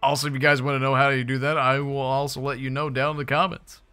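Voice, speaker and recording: Young male gaming streamer, bright animated delivery, excitable and jokey, faint music bed. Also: mid-range voice, fast, clear, resonant tone. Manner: playful, excitable, jokey asides to viewers. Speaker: gaming YouTuber. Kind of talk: casual gameplay commentary.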